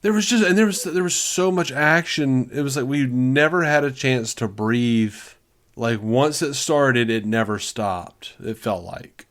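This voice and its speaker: A man's voice: mid-range voice, a little slow. A man co-hosting a podcast, chatting about a film in a playful, mocking way and laughing often. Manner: animated, laughs a lot, mocks delivery. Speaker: podcast co-host. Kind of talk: casual film review chat.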